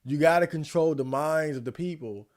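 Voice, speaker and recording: A man's voice: fairly high pitch, moderate pace, darkish tone. A man chatting casually on a livestream, ranting and rambling with frequent restarts.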